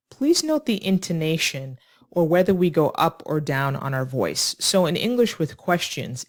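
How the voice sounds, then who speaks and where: An English teacher talks learners through small talk in an ESL lesson. They explain step by step and act out short example lines along the way. The voice sits at a middle pitch.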